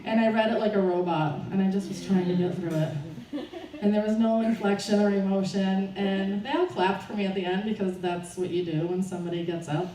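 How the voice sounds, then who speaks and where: A woman's voice: mid-range voice, fairly even intonation, a little fast, warm tone. A woman telling a personal story to a live audience at a fundraiser, nervous and often laughing. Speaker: speaker at a fundraiser. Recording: roomy, distant, faint background noise.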